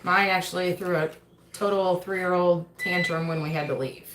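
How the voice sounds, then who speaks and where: A woman's voice: on the low side, steady tone, normal speed, noisy background. A woman hosting a casual livestream mail call from her table at home, chatting and often breaking off to talk to her kids. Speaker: homestead channel host and mother. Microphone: camera on the table. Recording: roomy echo in a home.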